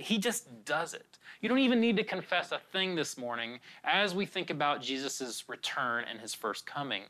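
A man's voice: a little high, fairly bright tone. A middle-aged man, a pastor, preaching an earnest, conversational sermon with repeated phrases and frequent restarts.

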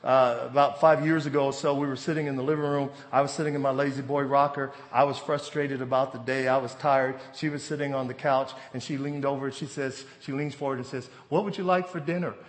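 A man in his forties preaching a sermon, telling stories and rising to loud, emphatic bursts. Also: mid-range voice, level tone, fairly quick, few pauses. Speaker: pastor. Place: church sanctuary. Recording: long hall reverb.

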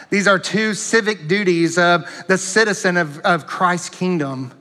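A man's voice: sits high, bright, forceful tone, in a large hall. A man preaching a sermon as pastor, earnest and emphatic, repeating his key phrases.

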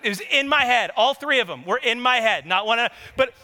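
A man as pastor, preaching a sermon with animated, conversational storytelling and asking the congregation to answer him. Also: extremely high pitch, brisk. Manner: animated, conversational, engages the audience. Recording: long hall reverb.

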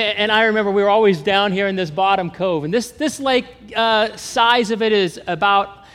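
High-voiced pastor preaching in a reverberant hall. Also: male voice. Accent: Kansas. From Kansas. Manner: animated, asks the congregation questions. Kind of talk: sermon.

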